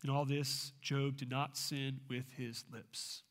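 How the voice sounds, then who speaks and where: A man delivering a sermon as a pastor, preaching emphatically with swings in pitch and loudness. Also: level tone, takes it slowly.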